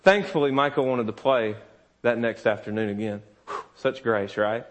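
A man's voice: mid-range voice, normal speed. A man in his thirties preaching a sermon, telling candid, self-deprecating stories about his young sons, laughing often and acting out their voices. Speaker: pastor.

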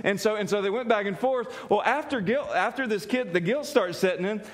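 High-voiced male preacher telling a story. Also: brisk. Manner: animated storyteller, laughs often, repeats words. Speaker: pastor. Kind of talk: sermon with a story.

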